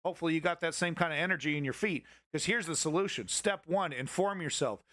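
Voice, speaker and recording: Bright-voiced man ranting on a stream. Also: a little high, fast talker, no echo, studio quality. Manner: ranting, profane, confrontational to chat. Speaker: streamer, political news host. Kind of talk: live-stream political commentary.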